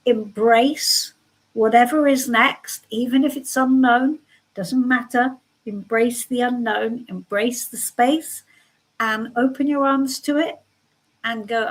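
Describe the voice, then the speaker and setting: A woman's voice: fairly high pitch, takes it slowly, low-quality recording. A woman giving soothing, reassuring tarot readings on a live stream from home. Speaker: tarot reader.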